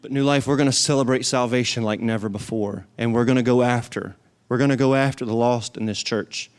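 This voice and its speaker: A male pastor delivers a sermon in a church sanctuary, his medium-pitched voice clean-toned, fairly quick and fairly even in intonation. He builds emphasis through repetition of phrases and urges the congregation to answer back.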